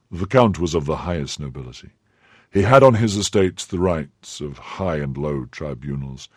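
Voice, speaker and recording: Deep husky male audiobook narrator. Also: animated, moderate pace, no room sound, studio quality.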